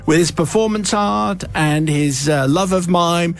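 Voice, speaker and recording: A man's voice: sits high, measured pace, gravelly, soft background music. Wry man reading a listener's tale on radio. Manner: wry, theatrical storytelling with dry asides. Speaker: radio host. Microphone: studio microphone.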